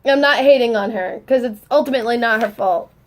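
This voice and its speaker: A young woman vlogging in casual chat, gushing and excitable, rambling and swearing as she talks. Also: a little high, fairly quick.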